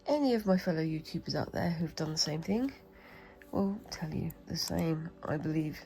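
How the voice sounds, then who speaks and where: In a rough recording, a British woman with a cold rambles casually to herself while demonstrating a craft for her vlog. Her voice sits low and sounds mellow yet expressive, at normal speed.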